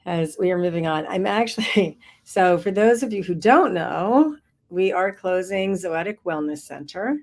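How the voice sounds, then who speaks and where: A woman's voice: on the low side, gravelly, a little mellow. A woman leading a workshop, talking casually from her office with frequent laughs, fillers and restarts. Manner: chatty, laughs often, many fillers and restarts. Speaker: workshop leader. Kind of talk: casual spoken update to a group. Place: her office with big windows.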